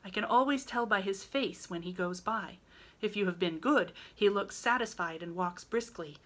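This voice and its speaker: A woman's voice: medium pitch, moderate pace, fairly bright tone, voice pushed up, lightly acted. A woman reading aloud, voicing a prim, motherly teenage girl who lectures earnestly in a raised voice.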